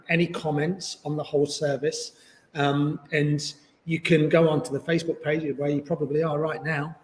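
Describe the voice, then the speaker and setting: A man teaching a yoga class online, chatty and encouraging, with jokes about himself. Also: a little high. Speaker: yoga instructor. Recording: echoey room with long reverb.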